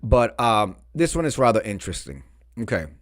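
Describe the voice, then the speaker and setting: A man's voice: lowish voice, big pitch swings, normal speed, dry recording, studio quality. A man hosting a casual show, reading confessions aloud with campy, sassy asides. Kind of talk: casual chat.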